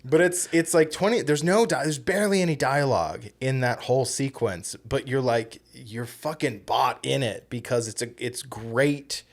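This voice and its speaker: A man's voice: mid-range voice, normal speed, few pauses. A man co-hosting a podcast, chatting casually about films, rambling with frequent ums and restarts. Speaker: podcast co-host. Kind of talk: casual film-discussion chat.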